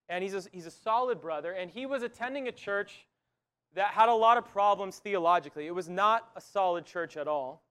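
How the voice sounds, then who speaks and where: A man's voice: sits high, fairly bright tone, clear, resonant tone. A man preaching a sermon in an earnest, conversational way, often restarting his phrases. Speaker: pastor.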